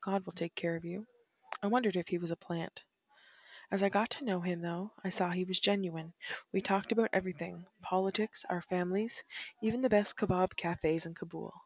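A woman narrating a first-person memoir in a measured, reflective reading style. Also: lowish voice, steady tone.

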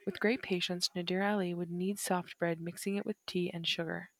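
A woman reads a first-person memoir aloud in a measured, reflective way. Her voice sits low, and the recording is dry and close with no room sound. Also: flat delivery, no echo. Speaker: narrator.

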